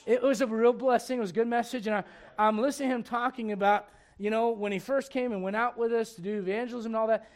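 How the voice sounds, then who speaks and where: A man in his forties, a pastor preaching a sermon in a church with joking, animated storytelling. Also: very high-pitched, fast talker, few pauses. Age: 40s.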